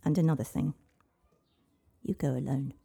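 A woman voicing a brusque, scoffing medieval king, in a husky storybook reading. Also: rumbling low, steady tone, normal speed, mellow, full character voice. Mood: stern. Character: gruff, blustering medieval king, a man.

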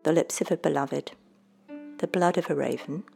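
A woman's voice: low voice, normal speed, creaky, darkish tone, faint music behind. A woman voicing a prim, demanding little male leprechaun in a storybook reading, with clipped, formal orders. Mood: imperious.

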